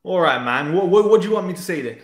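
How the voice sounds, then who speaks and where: Exasperated and talking fast in a high, lively voice, this man pushes his point in a heated football debate, cutting across his opponent as a debate guest. The room has noticeable echo.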